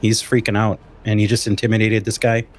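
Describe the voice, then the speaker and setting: A man's voice: fairly low pitch, level tone, brisk. A man playing a tabletop role-playing game, cheerfully describing his character's actions. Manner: upbeat, laughing, describing actions. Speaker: player.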